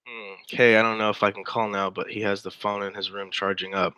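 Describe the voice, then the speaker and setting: A man's voice: fairly low pitch, little pitch movement, brisk, bright, forceful tone, clean tone, no echo, poor audio. Sarcastic man commenting, dry sound. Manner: sarcastic, wry asides with filler sighs. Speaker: commentator reading a chat log. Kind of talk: casual reaction commentary.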